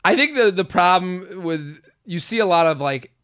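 A man's voice: high-pitched, moderate pace, clean tone. A man hosting a casual comedy podcast, telling stories with lots of energy and acting out the voices and screams. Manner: animated storyteller, acts out screams and voices. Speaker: podcast host.

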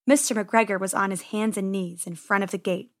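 A woman narrating a children's storybook in a gentle, expressive read-aloud manner. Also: mid-range voice, a little fast.

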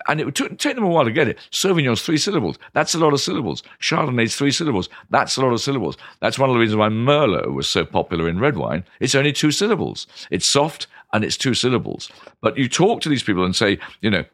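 A man's voice: fast, no room sound, clean studio sound. A man who is a wine expert, telling stories with enthusiasm in an interview and acting out voices as he goes. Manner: animated, enthusiastic, acts out voices, jumps high in pitch. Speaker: wine expert and former TV presenter. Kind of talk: interview storytelling.

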